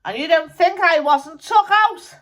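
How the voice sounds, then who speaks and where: A woman's voice: extremely high pitch, unhurried, a bit bright, voice pushed up. Woman channelling a ranting dead rock star. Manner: swearing, scolding, ranting. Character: blunt angry male rock musician spirit. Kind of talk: channelled spirit monologue.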